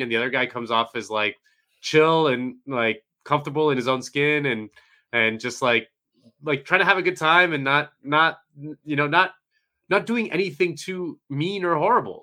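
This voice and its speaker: A man's voice: mid-range voice, expressive, moderate pace, bright, forceful tone. A man co-hosting a podcast, rambling through his points with many restarts. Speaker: podcast co-host. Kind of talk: casual chat.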